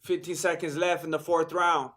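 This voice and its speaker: A man giving live, joking fight commentary in a hoarse, worn-out voice. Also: on the high side, moderate pace. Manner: excitable, joking, sprinkles Spanish slang. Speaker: fight watch-along host.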